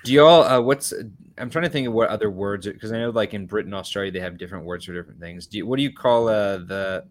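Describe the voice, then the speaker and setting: An American man hosting a casual podcast chat, curious and questioning, quick to laugh. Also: fairly low pitch. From United States. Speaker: podcast host.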